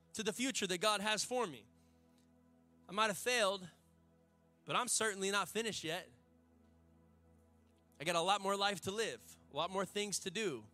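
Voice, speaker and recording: A man's voice: high-pitched, sharp tone. A male pastor, preaching a sermon to a church congregation in a fervent, conversational way with folksy asides.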